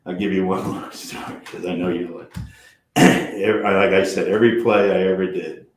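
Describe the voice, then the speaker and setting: An older actor telling animated backstage stories in a casual chat, acting out quotes and swearing freely. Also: male voice, deep voice, normal speed, echoey room. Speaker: actor guest. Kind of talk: storytelling over drinks.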